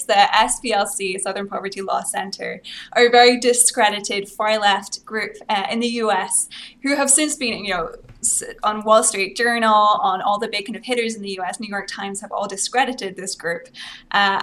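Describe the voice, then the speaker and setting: A woman's voice: mid-range voice, slight background noise. Articulate young Scottish woman, slightly American-sounding. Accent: Scottish with an American-sounding lilt. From Scotland. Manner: articulate, earnest, steady explaining. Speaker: guest advocate. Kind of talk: podcast interview.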